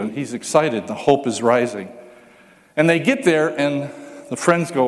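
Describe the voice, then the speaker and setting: A pastor preaching a sermon, telling stories with humor and acting out the voices of the people in them. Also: male voice, mid-range voice, moderate pace, in a large hall. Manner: animated storytelling, acts out voices with humor.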